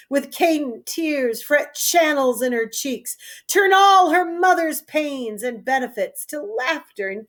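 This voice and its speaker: A woman reading aloud as an old king, a furious and grieving father, declaiming his curses. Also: high-pitched. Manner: declamatory, cursing, tearful. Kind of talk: solo reading of a play.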